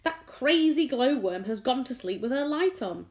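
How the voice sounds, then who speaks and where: A woman voicing a bossy, rowdy male centipede in a storybook reading, shouting impatiently. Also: sits high, animated, normal speed, pitched above the performer's own voice.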